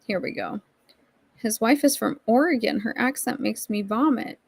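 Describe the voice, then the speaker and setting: A woman's voice: fairly high pitch, normal speed, creaky, husky, no room sound. A woman hosting a casual livestream, reading chat messages aloud and rambling through her commentary. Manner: chatty, rambling, reacts to chat. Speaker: streamer host.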